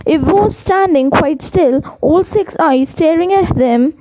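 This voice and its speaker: A woman's voice: high-pitched, slow pace, mellow, no echo. A woman reading a novel aloud, sometimes stumbling and correcting words. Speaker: reader. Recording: muffled home recording.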